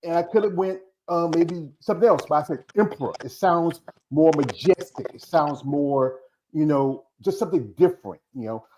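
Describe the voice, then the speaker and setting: Relaxed host man, slightly high voice. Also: normal speed, a little hiss or hum, low-quality recording. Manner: relaxed, reads out viewer comments. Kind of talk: casual interview with live chat.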